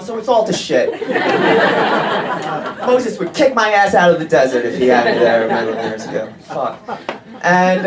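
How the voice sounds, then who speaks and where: A man's voice: high-pitched, very noisy. A man doing a stand-up comedy set, with a brash, profane, punchy delivery. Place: comedy club stage. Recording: echoey comedy club with laughing crowd.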